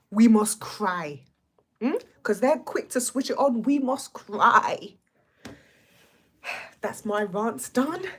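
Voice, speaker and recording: Husky woman ranting on stream. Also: medium pitch. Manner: animated, sassy, ranting. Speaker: livestream host. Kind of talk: reality show reaction rant.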